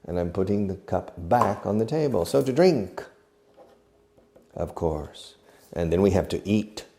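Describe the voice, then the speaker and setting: A man's voice: low voice, animated, measured pace, dark tone. A man teaching English verbs, acting each one out, spelling words and repeating phrases, with asides in Spanish. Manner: switches into Spanish to explain. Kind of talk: slow demonstrative language lesson.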